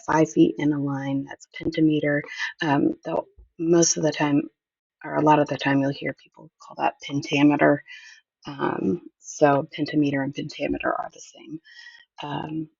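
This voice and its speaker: A woman's voice: low voice, vocal fry, darkish tone, slightly rough, no echo. A woman teacher patiently explaining a lesson, thinking aloud as she goes. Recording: dull lo-fi audio, mic at a distance.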